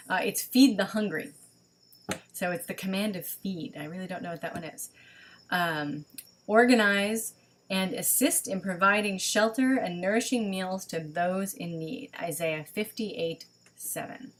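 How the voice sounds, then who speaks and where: A woman leading an online spiritual gathering over a webcam, talking casually and thinking aloud with many pauses and ums. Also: fairly low pitch. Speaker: online service leader. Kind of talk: online livestream teaching.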